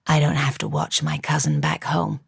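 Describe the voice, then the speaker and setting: A woman voicing a stern, commanding young American gentleman in an audiobook, clipped and firm. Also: deep voice, big pitch swings, moderate pace, vocal fry, husky, no echo, clean studio sound, full character voice. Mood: measured.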